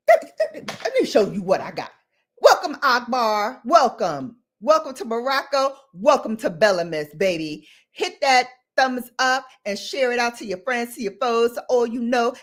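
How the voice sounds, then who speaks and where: Theatrical woman with a lively, high voice. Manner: theatrical, dramatic, playful outbursts. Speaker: beauty vlogger. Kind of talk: casual ranting vlog.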